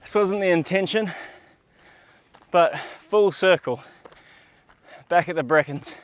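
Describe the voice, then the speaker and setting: A man's voice: sits high, slow pace, faint music behind. A man hosting a cooking and travel vlog, talking in a wry, upbeat and self-mocking way, partly outdoors on a hike. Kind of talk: casual vlog talk and scripted voice-over.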